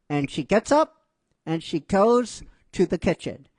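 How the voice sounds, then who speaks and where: A man's voice: sits high, sing-song, a little slow, a little mellow. A man casually retelling a fan-written script scene by scene, rambling and hesitant with many fillers. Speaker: narrator.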